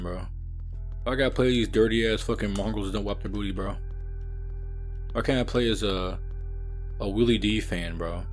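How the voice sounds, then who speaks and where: A young man commentating a horror game he is playing, loud and exasperated, with lots of slang and cursing. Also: fairly low pitch. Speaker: gaming streamer. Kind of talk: let's play commentary.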